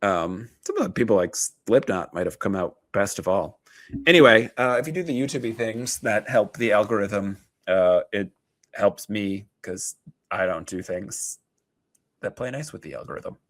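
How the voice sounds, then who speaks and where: A man in his thirties talks loosely to camera, restarting sentences and dropping dry, wry asides. His voice sits on the low side. The sound is close and dry, with no room around it. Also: animated, moderate pace, no room sound. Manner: conversational, frequent fillers and restarts, wry asides. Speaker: therapist and video host. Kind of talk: casual talking-head commentary.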